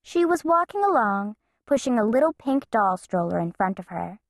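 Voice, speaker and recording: Woman narrator, children's storybook, playful, higher voice, very lively. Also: moderate pace. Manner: expressive, playful. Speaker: audiobook narrator.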